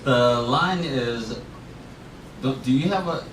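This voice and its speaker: A man's voice: mid-range voice, takes it slowly, fairly bright tone. A man performing a stand-up set and then chatting with the panel, often laughing as he talks. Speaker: stand-up comedian. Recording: echoey room from far off, clear noise.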